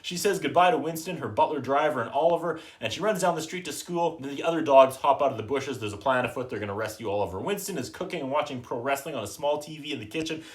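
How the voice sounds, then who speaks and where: A man hosting a podcast, recapping a movie in a casual, sarcastic way, often trailing off softly at the end of a thought. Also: mid-range voice, animated. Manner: dry, joking, quotes characters in quick put-on voices. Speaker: podcast host reviewing a movie.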